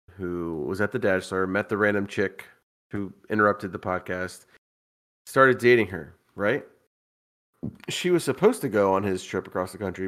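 Tipsy, low-voiced man rambling through a story. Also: a bit bright. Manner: rambling, profane, giggly storyteller. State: tipsy from drinking. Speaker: podcast co-host. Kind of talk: casual storytelling chat.

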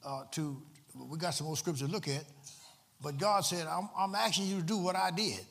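Man, pastor, sermon, slightly high voice, bright tone, emphatic repetition, call-and-response. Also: normal speed, gravelly. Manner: call-and-response preaching, repeats phrases for emphasis.

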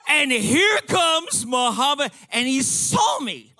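Man, fifties, comic storyteller; bright, sharp tone, excitable and profane, tripping over his own restarts. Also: very high voice, slow, no room sound.

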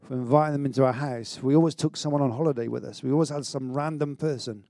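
A middle-aged man preaching a sermon in an energetic, conversational way, with stammered restarts and self-mocking humour. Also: mid-range voice, quick pace, dry recording, studio quality. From Wales. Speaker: pastor.

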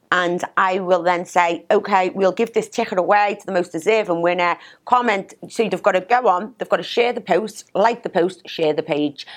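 A woman with a Liverpool accent, a business owner talking as an interview guest in a direct, matter-of-fact way. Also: fairly low pitch. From Liverpool, England. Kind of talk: casual interview chat.

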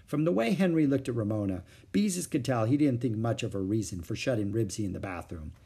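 A man reads a children's story aloud, expressive and animated. His voice is husky and his pitch swings widely through the narration. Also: quick pace. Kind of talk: reading a children's book aloud.

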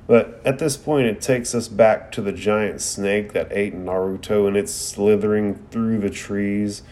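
A man's voice: lowish voice, fairly even intonation, measured pace, a little mellow. A man casually recapping and reviewing an anime episode, rambling and profane with lots of "like".

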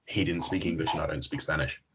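A man's voice: rumbling low, steady tone, quick pace, noisy background. A man co-hosting a podcast in casual chat, rambling a little and laughing often. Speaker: podcast co-host. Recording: dull lo-fi recording.

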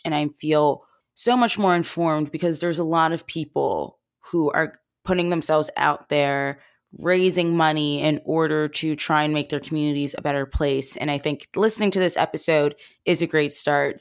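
Woman in her twenties, podcast host; low, groggy morning voice, upbeat and chatty, dry close mic. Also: clean tone, no room sound. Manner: chatty, upbeat, self-deprecating. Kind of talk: casual podcast intro.

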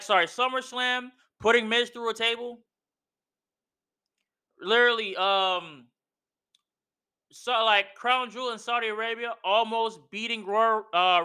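High-voiced man ranting emphatically. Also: bright, forceful tone, clean tone. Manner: emphatic, slangy, repeats himself, says "bro" a lot. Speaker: podcast host. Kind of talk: casual wrestling opinion rant.

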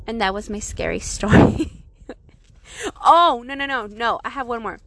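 A woman's voice: mid-range voice, quick pace. A young woman casually telling a personal scary story, swearing often and filling her talk with "like". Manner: profane, animated, lots of "like" fillers.

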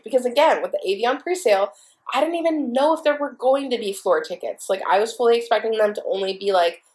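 A young woman hosting her podcast, telling a story at a breathless, excitable clip. She swears freely and piles up fillers as she goes. Her pitch sits in an ordinary middle range. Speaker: podcast host. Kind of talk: casual storytelling monologue.

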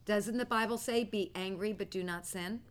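An older woman teaching a prophetic training class, telling a personal story and acting out her old thoughts with bursts of loud feeling. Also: medium pitch, moderate pace. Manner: animated storyteller, acts out her own past thoughts loudly. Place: classroom with students.

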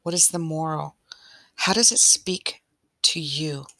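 Woman, spiritual coach and podcast host, gentle inviting manner, low bright voice, creaky. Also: a little slow, no echo. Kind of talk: soft-spoken podcast talk and story reading.

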